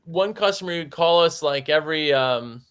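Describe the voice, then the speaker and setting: A man's voice: a little high, normal speed, fairly bright tone, clear, resonant tone. A man who runs a window cleaning business, chatting casually on a podcast and telling stories with lots of "like". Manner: chatty storyteller, heavy use of "like".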